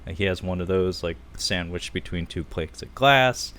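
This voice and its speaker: A man co-hosting a casual film podcast, chatty and quick to laugh, full of "like" and "uh". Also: sits low, fairly bright tone, slight background noise. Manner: chatty, laughs often, many fillers like "like" and "uh". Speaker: podcast co-host.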